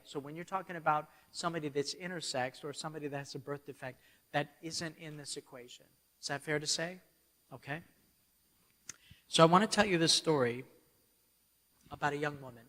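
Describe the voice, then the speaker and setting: Man, storytelling sermon, fairly high voice, long hall reverb, checks in with listeners. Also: a bit bright. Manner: checks in with the audience. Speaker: speaker giving a church keynote. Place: church hall.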